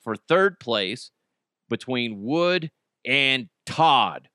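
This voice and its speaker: A man's voice: mid-range voice, expressive, extremely slow, bright, forceful tone, no echo, studio quality. A man hosting a podcast on his own, riffing casually with jokes and swearing. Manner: jokey, profane, riffing, reads live ad. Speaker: podcast host. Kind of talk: casual solo podcast talk.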